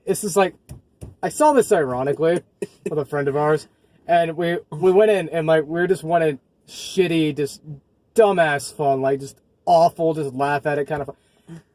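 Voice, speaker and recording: A man's voice: fairly high pitch, normal speed, a little mellow, no echo. A man casually chatting about bad movies, rambling and swearing often, with frequent laughs. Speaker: co-host. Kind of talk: casual movie review chat.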